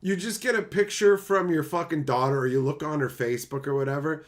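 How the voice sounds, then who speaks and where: Talking a little fast, a Canadian live streamer reads his chat and makes crude jokes with a lot of laughter, occasionally lowering his voice for earnest advice.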